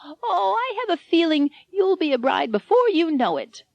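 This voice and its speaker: Woman playing a sweet sentimental old lady bride, high fluttery voice, dry close sound. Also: very animated, moderate pace, creaky, no room sound, highs cut off, exaggerated voice. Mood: tender.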